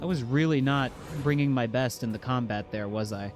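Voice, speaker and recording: A man casually commentating his game playthrough, jokey and excitable, reading item scans aloud. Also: mid-range voice, brisk, soft background music. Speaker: game streamer. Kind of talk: casual let's-play commentary.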